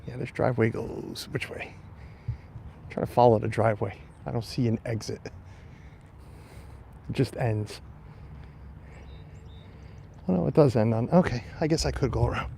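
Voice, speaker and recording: Chatting to viewers during an outdoor walking-tour livestream on a quiet street and mansion grounds, a man speaks at normal speed in a mellow, mid-range voice with vocal fry and long pauses. A phone or camera on a tripod picks him up, with a little hiss or hum.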